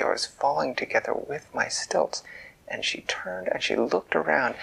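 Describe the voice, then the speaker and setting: A man narrating a children's bedtime story in a soft, conversational, half-whispered way. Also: medium pitch, vocal fry, breathy edge, rough recording.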